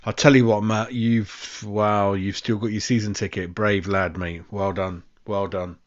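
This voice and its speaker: A young man from West London, with a London accent and a lowish, fairly flat voice, hosts a live fan stream at an unhurried pace. He swears and rants in exasperation, calling his listeners "mate." The recording sounds muffled.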